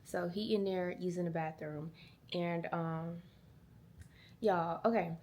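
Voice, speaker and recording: A woman's voice: fairly low pitch, slow pace, a little hiss or hum. A woman in her twenties, a mom vlogger chatting casually and animatedly to her camera. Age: 20s. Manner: chatty, animated, uses y'all and girl. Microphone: small handheld camera.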